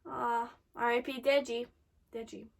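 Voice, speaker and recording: A woman's voice: a little high, level tone, a little slow, creaky. A woman giving emotional reaction commentary while watching an anime, swearing and exclaiming.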